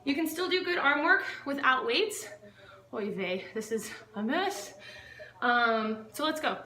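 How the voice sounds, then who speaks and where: A woman's voice: sits high, expressive, measured pace, pushed and bright, roomy sound, distant mic. A woman fitness instructor leading a home workout, upbeat and counting reps aloud, a little out of breath as she exercises along. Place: home living room.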